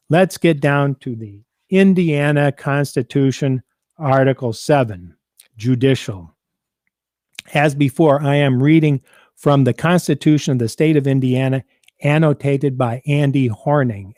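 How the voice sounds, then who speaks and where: A man hosting a civics program, reading out and explaining a state constitution in a measured, deliberate way. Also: mid-range voice, darkish tone, no echo, studio quality. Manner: measured, deliberate, quotes documents aloud.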